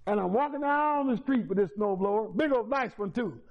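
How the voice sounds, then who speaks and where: High-voiced man giving testimony. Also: expressive, fairly quick. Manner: folksy, repetitive storytelling with chuckles. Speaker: recovery meeting speaker. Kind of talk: personal testimony. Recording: dull lo-fi recording.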